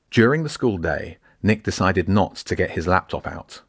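Author-narrator, deep male voice, measured audiobook read, dry close sound. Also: expressive, a bit bright, husky, no echo. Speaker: author reading own book.

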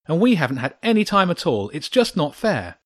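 A man's voice: medium pitch, big pitch swings, fast talker, darkish tone, no echo, clean studio sound, voice pushed up. A man voicing a worked-up young schoolboy in a raised, pleading voice. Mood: indignant. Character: schoolboy James, worked up and indignant.

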